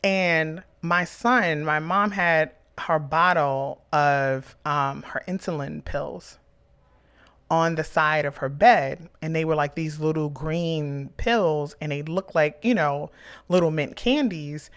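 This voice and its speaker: A woman in her thirties, a podcast host, telling a personal story with emotion and animated quoted dialogue. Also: deep voice, slow, smooth.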